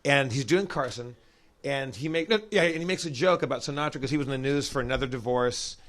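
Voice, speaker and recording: A man telling a long, animated anecdote on a podcast stage, acting out the voices in it. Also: medium pitch, fast. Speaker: podcast guest comedian telling a story. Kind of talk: casual storytelling.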